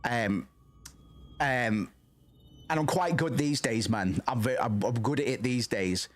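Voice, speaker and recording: A man chatting casually on a livestream, rambling and profane, loud and passionate, tacking "man" onto his sentences. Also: measured pace. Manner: loud and passionate, animated swings in pitch. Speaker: streamer.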